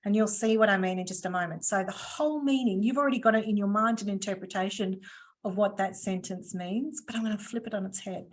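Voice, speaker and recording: A woman's voice: medium pitch, fast talker. A woman presenting a live online training session over a video call, chatty and playful with teasing asides. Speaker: workshop presenter.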